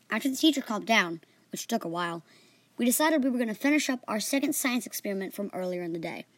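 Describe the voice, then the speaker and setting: A girl hosting her own storytelling podcast, reading in an earnest, animated way with small slips. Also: mid-range voice, quick pace, no room sound.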